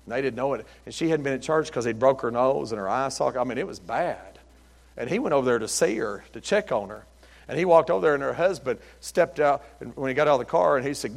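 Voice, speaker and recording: A man's voice: medium pitch, fast talker, gravelly. A middle-aged man preaching a sermon, telling joking, folksy stories as pastor. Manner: folksy, joking, lively storytelling.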